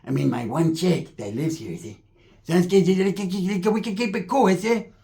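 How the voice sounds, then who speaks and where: A man's voice: high-pitched, a little slow, creaky, mellow. A man with a Californian accent telling a rambling, profane street story full of slang and acted-out quotes.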